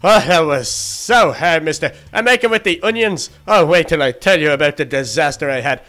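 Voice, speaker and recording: A man's voice: on the high side, animated, normal speed, a bit bright, faint music behind. A man voicing a childlike male baby duck in a Minecraft role-play, chattering to himself and easily flustered. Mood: weary pleading. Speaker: fast-food worker in a game role-play.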